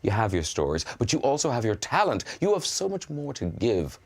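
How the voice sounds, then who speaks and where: A man's voice: medium pitch, huge pitch swings, brisk. A man giving scripted voice-over narration in a wry, instructional tone.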